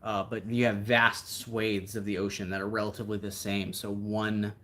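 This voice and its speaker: A man's voice: on the low side, flat delivery, normal speed, fairly bright tone. A man hosting a livestream, chatting casually in a rambling, reflective way. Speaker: livestream host.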